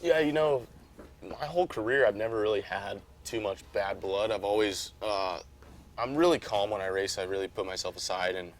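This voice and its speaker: A man talking casually as a guest about racing, easygoing and rambling, getting animated when he retells a story. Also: fairly low pitch, normal speed, slight background noise. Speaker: off-road truck racer, guest. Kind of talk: casual chat.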